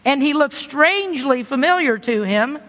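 A man's voice: very high voice, animated, normal speed, a bit bright. A man from Kentucky, preaching a sermon in a folksy, conversational way with homespun asides. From Kentucky, USA. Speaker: pastor. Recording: reverberant church hall.

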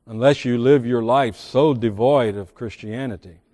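A man's voice: medium pitch, normal speed, dark tone, big-room sound. A man preaching a sermon as pastor, reading scripture aloud with emphatic swells and sudden drops. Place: large church sanctuary.

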